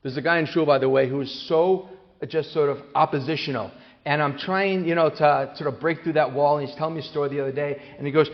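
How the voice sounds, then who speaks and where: Male lecturer, higher-pitched, animated, acts out little voices for laughs; dull hall recording. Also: a little fast. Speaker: speaker on parenting. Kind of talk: lecture to a live audience. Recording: long hall reverb, dull lo-fi sound.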